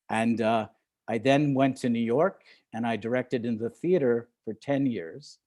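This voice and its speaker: In an unhurried, slightly mellow mid-range voice, an older film director talks to an audience as a guest on a video call. He's relaxed yet hesitant, often restarting, chuckling and leaning on fillers.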